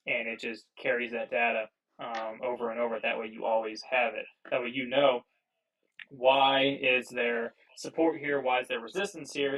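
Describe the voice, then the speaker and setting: A man's voice: mid-range voice, fairly bright tone. A man hosting a live trading stream, talking casually and loosely with fillers and swearing, picked up on wireless earbuds. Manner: loose, profane, thinking aloud with fillers. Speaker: livestream trading host. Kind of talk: casual live market commentary. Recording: distant, thin earbud mic.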